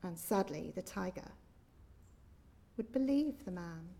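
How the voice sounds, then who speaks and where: A woman, a minister leading a church service, telling a children's story in a gentle, expressive way. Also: lowish voice, unhurried, vocal fry.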